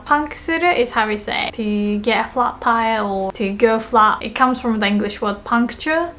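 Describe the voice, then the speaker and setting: A woman giving a language lesson, explaining grammar and repeating each example phrase slowly and carefully. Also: fairly high pitch, fairly bright tone, a little hiss or hum. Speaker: Japanese teacher.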